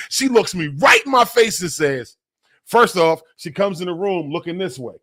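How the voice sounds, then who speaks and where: Slangy, animated man telling a story. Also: moderate pace, no room sound, clean studio sound. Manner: slangy, animated, rises high when excited. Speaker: livestream host. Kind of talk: casual storytelling on a livestream.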